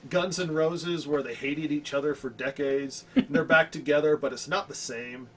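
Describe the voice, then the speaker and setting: A man's voice: fairly high pitch, steady tone, normal speed, a loud crowd. A man co-hosting a casual podcast with dry, sarcastic jokes. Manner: wry, sarcastic, joking. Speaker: podcast co-host.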